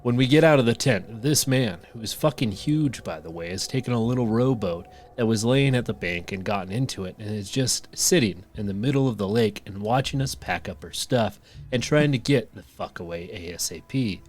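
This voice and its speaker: A man's voice: fairly low pitch, expressive, normal speed. A man co-hosting a podcast, reading stories aloud and joking and laughing between lines. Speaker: podcast co-host.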